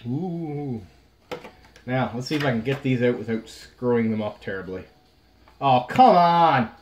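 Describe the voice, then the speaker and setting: A young man casually talking through opening trading card packs on a vlog, frustrated, swinging between low muttering and sudden outbursts. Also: animated, moderate pace, a little mellow, a little hiss or hum. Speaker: card pack opener.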